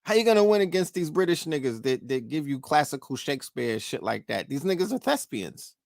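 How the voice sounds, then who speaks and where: A man's voice: on the high side, very animated, a little fast, gravelly, no echo, clean studio sound. A middle-aged man with a New York accent hosting a casual show, talking profanely and throwing questions at his listeners. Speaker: podcast host. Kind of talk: casual livestream talk.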